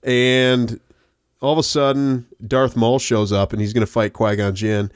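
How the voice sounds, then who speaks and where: A man's voice: medium pitch, flat delivery, unhurried, smooth, dry recording, clean studio sound. A man co-hosting a podcast, chatting casually and joking while recapping a movie. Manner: laid-back, joking, says "dude" and "man". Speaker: podcast co-host.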